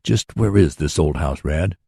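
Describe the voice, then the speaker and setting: A man's voice: a bass voice, lively intonation, a little slow, vocal fry, mellow, breathy edge, no room sound, studio quality, heavily acted. A man reading as an eager young inventor.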